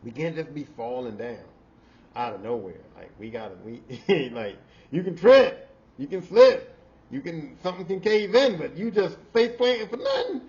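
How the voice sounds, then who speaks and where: Animated, profane man telling a story. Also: a little high, normal speed, highs cut off. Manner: animated, profane, repeats himself. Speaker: podcast host. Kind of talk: casual storytelling.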